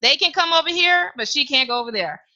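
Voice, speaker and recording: A woman's voice: high voice, lively intonation, quick pace, bright, forceful tone, no room sound, lo-fi sound, heavily acted. A woman voicing a strict, controlling father who refuses in blunt, curt sentences. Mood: stern.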